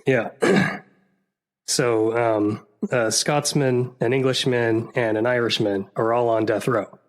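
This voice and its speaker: A man co-hosting a podcast in a casual chat, with a mid-pitched voice. He rambles, fills his pauses with ums, and laughs often. His delivery stays relaxed and unpolished. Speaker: podcast co-host.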